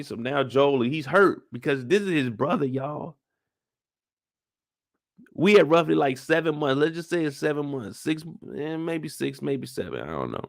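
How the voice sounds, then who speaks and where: A man giving a casual recap of a TV episode in animated, heavily slangy talk, swearing freely. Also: on the high side, normal speed, creaky. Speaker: show recap youtuber.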